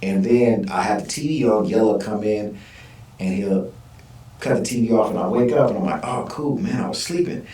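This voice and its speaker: A man telling a long personal story in a casual interview, lively, and acting out the other people's lines in his own voice. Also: lowish voice, moderate pace. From Southern California. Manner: animated storytelling, acts out quoted voices. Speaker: guest. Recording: echoey room, mic at a distance.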